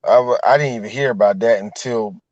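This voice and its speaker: A man's voice: medium pitch, brisk, darkish tone, no echo. A man co-hosting a podcast in casual, profane banter, laughing often. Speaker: podcast co-host. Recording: dull, lo-fi dry audio.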